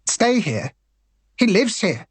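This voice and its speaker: A man voicing a young woman trainee reporter who is blunt, brisk and dotes on the office dog. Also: sits high, big pitch swings, breathy edge, no echo, pitched above the performer's own voice, heavily acted. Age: young adult. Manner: brisk, snappish, fussing over the dog.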